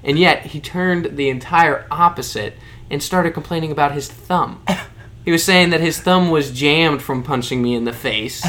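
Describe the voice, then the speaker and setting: A man's voice: a little high, normal speed, a bit bright. Young man joking through a story. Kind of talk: casual chat.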